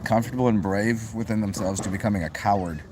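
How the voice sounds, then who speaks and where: A man's voice: on the low side, quick pace, a little mellow, slight background noise. A young man casually chatting on a livestream, reading out comments, rambling with many restarts, laughing often and swearing freely. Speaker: livestream host.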